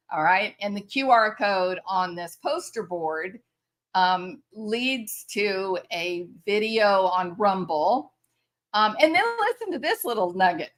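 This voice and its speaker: A woman's voice: mid-range voice, animated, slow. A woman commentator reacting to a news story, incredulous and sarcastic, often laughing in disbelief.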